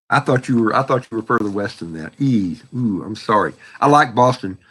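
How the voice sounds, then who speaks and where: A man's voice: fairly low pitch, lively intonation, brisk, a bit bright, husky. A man hosting a casual livestream, rambling in a folksy way and answering viewer chat. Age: 60s. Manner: rambling, folksy, talks back to chat messages. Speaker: livestream host.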